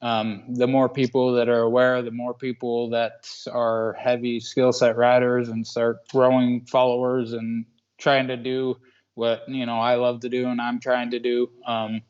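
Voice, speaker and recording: Twenty-something guy from washington, flat monotone voice, muffled lo-fi sound, lots of ums. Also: mid-range voice, clean tone. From Washington State, USA. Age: 20s. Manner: earnest, halting, with many "um"s. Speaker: guest. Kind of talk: casual interview chat.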